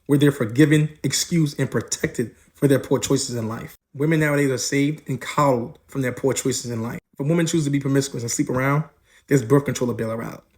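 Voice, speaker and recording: A man's voice: mid-range voice, brisk, a little mellow. A man hosting a podcast, delivering blunt, mocking commentary in a scripted way. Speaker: podcast host.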